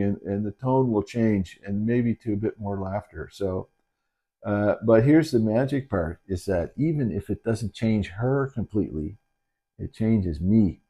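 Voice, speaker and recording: A middle-aged man, a dementia caregiver, talking candidly and haltingly in a reflective personal video, with many restarts. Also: on the low side, dark tone. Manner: earnest and candid. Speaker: dementia caregiver and channel host. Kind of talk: reflective personal talk to camera.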